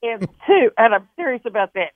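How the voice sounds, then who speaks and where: A woman's voice: fairly high pitch, very animated, brisk, dry recording. A woman from northwestern Wisconsin calling into a radio show, chatty and emphatic, rambling a little with fillers. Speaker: caller. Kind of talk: call-in chat. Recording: tinny phone line.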